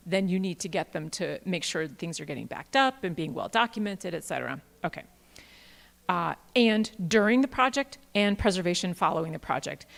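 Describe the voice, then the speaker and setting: A woman's voice: on the low side, creaky. Playful woman presenting in a reverberant hall. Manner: playful, animated, jokey asides. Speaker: workshop presenter. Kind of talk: conference workshop talk. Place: large auditorium.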